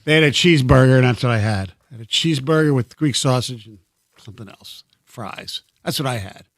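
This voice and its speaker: A man's voice: medium pitch, fairly quick, fairly bright tone, dry recording, studio quality. A man hosting a sports radio talk show, telling a rambling, exasperated story with many restarts. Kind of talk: casual sports radio banter. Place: radio studio. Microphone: studio microphone.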